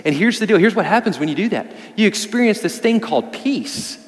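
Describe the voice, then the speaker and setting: A man preaching a sermon as pastor, pressing his points hard and then dropping low and soft for emphasis. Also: expressive, a little fast, long reverb tail. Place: church sanctuary.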